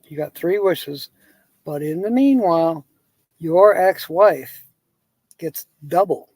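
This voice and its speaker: Guy doing a genie, impatient and businesslike, warm low-key tone. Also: animated, slow, no room sound. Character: impatient male genie granting wishes.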